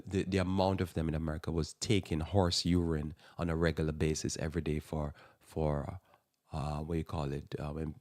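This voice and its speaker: A man's voice: very deep voice, dry recording, clean studio sound. A man hosting a live Christian morning radio talk show, rambling and restarting his sentences as he speaks. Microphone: radio studio mic.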